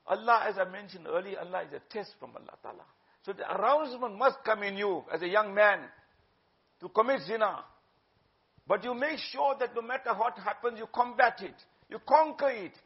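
A man preaching a sermon, exhorting his listeners and mixing in Urdu phrases. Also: very high voice. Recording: dull lo-fi recording.

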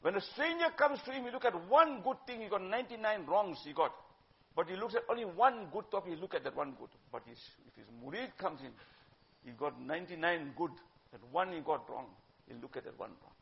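A high-pitched man with a gravelly edge preaches to a gathering. He presses his points loudly, then drops to near-whispered asides, weaving in Urdu phrases. The recording is dull and lo-fi. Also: expressive, a little fast. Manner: emphatic, swings from loud to hushed, mixes in Urdu phrases. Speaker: religious teacher. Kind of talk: sermon-style religious talk.

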